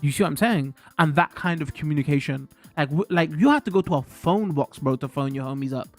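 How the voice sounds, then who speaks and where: A man's voice: fairly high pitch, a little fast, no room sound, soft background music. A man, chatting casually to his stream viewers, rambling and slangy, full of fillers.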